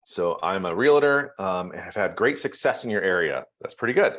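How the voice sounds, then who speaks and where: A man giving a casual live online training, thinking aloud while he types and filling pauses with ums. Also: low voice, lively intonation, a bit bright. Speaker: real estate trainer.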